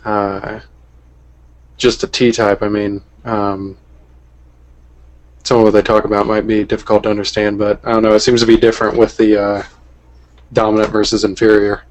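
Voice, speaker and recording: A man's voice: on the low side, flat delivery, moderate pace, pauses often, low-quality recording. A man hosting a livestream in casual chat, rambling and teasing. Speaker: livestream host.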